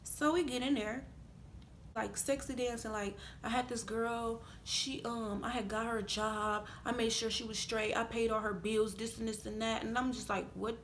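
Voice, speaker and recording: A woman telling a story to her vlog audience in a casual, animated way, swearing freely and growing loud when angry. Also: fairly high pitch, moderate pace, slight background noise. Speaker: vlogger telling a story time.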